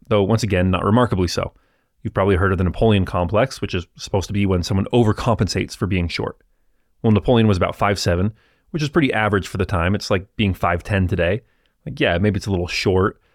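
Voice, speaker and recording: A man hosting a history podcast, narrating in a relaxed, explanatory way with asides to the listener. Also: fairly low pitch, no room sound, studio quality.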